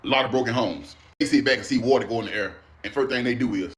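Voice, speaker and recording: A man's voice: mid-range voice, fast talker. A man in an indignant, profane comedic rant who fires off rhetorical questions. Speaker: commentator.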